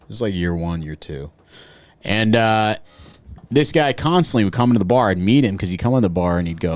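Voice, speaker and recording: A man's voice: lowish voice, animated, fairly quick, dry recording. A man on a comedy podcast telling a rambling, profane story with bits of hardboiled noir voice. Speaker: podcast co-host.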